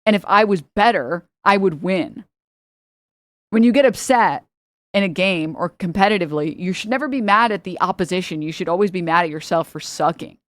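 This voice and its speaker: A woman's voice: on the low side, brisk, fairly bright tone, no room sound. A woman livestreamer chatting casually with her viewers, blunt and profane, with frequent laughs.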